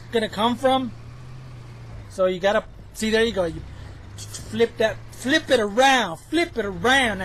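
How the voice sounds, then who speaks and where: A man's voice: very high-pitched, a bit bright, a little hiss or hum, low-quality recording. A man giving chatty, self-mocking commentary over his own gameplay footage, joking as he goes. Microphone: headphones with mic.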